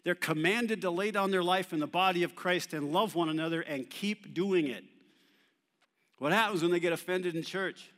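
Here a pastor preaches to his congregation in a high, somewhat bright male voice, asking questions and having them respond. The setting is a church hall, and the recording has a long hall reverb.

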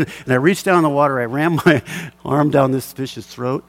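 This gravelly, mid-range male voice belongs to a middle-aged pastor who shifts from fervent exhortation to a fishing anecdote he tells with chuckles. He speaks at a moderate pace, and slight background noise is audible.

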